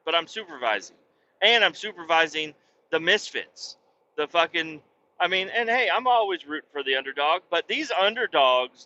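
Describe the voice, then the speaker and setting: A man co-hosting a podcast, telling a work story in a profane, animated, casual way. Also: lo-fi sound, a little hiss or hum. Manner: profane, animated, puts on a sweet high voice for quoted niceness. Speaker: podcast co-host.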